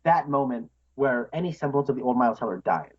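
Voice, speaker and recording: An eager man talks through a film with a co-host, tumbling over fillers and laughing between thoughts. His voice is a little husky, and the audio is dull and lo-fi. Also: mid-range voice, expressive, fast. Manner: enthusiastic, laughs often, many fillers. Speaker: podcast co-host. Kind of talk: casual film discussion.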